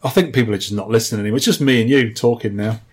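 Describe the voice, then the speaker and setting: Husky, dry-humoured man. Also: mid-range voice, very fast. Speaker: podcast co-host. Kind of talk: casual chat.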